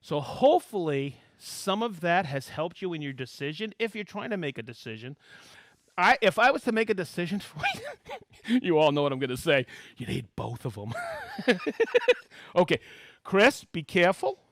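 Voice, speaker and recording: A man hosting a live tool demonstration stream, talking excitably, laughing often and calling out to the room as he reads viewer shout-outs. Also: a little high, moderate pace, no room sound.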